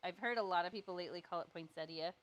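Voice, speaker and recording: A woman's voice: on the low side, very fast. A woman giving a step-by-step painting tutorial, chatty, playful and self-deprecating as she works. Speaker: painting instructor. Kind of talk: step-by-step live art tutorial.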